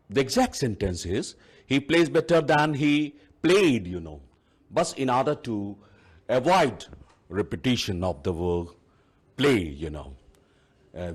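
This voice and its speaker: A male teacher, giving a deliberate televised grammar lesson and saying "you know" often. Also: on the low side, slightly rough. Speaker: English teacher. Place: TV studio.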